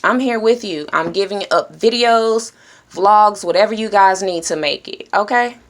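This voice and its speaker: A woman giving an earnest, encouraging self-help talk straight to her viewers. She speaks directly and plainly, now and then dropping into hushed shushing. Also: medium pitch, moderate pace. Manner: drops to a hushed whisper when shushing. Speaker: vlogger.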